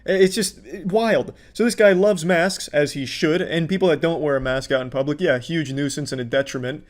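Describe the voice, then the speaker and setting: A man's voice: fairly high pitch, moderate pace. A man giving sarcastic, profane reaction commentary on video clips, mocking the people in them.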